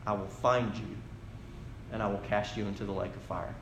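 A preacher voicing Jesus, delivering a low, firm and menacing warning. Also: male voice, fairly even intonation, normal speed, echoey room, background noise, natural voice. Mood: commanding. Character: Jesus, commanding and protective toward his people.

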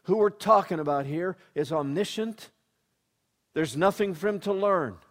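A man preaching a sermon, dropping to a hushed storytelling voice and then rising to loud, emphatic proclamation, with slow, deliberate scripture reading. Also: sits high. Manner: reads scripture slowly and deliberately.

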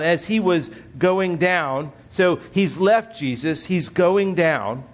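A man preaching a sermon in an earnest, emphatic way, often clearing his throat. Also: fairly high pitch. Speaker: pastor.

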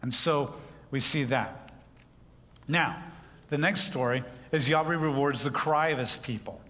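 A man's voice: medium pitch, unhurried, fairly bright tone, long reverb tail. A man preaching a sermon, teaching through a Bible passage in a conversational way with humorous asides.

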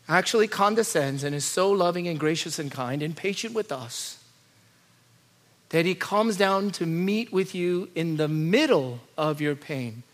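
Bright high-voiced preaching man. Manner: swings from low quiet asides to loud high-pitched urgent pleading; rhetorical questions and repeated lists. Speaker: pastor. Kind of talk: sermon.

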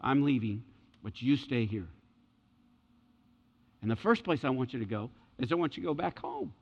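A man's voice: mid-range voice, expressive, normal speed. A male pastor preaching a sermon in an earnest, emphatic way, often checking in with his listeners. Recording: dull lo-fi sound with long hall reverb.

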